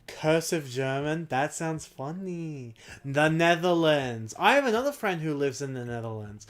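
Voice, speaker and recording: Here the Australian streamer sounds animated and unhurried, his voice on the high side. He's a young man playing a game on a livestream, chatting casually, rambling, mocking himself and laughing a lot.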